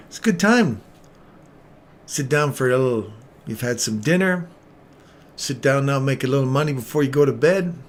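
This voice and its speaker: A man hosting a live trading stream, chatting casually and joking with viewers by name. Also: medium pitch.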